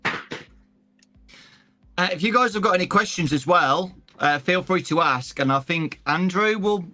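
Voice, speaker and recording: A man's voice: high voice, animated, unhurried, bright, forceful tone, no room sound. A man co-hosting a livestream, easygoing and laughing along in casual chat. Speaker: livestream co-host.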